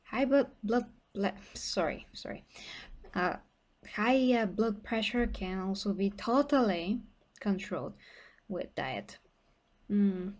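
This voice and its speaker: A woman's voice: mid-range voice, expressive, slow, pauses often. Chatty, blunt young woman vlogger. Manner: chatty, blunt, many fillers and restarts. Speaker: fitness vlogger. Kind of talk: casual livestream talk to viewers.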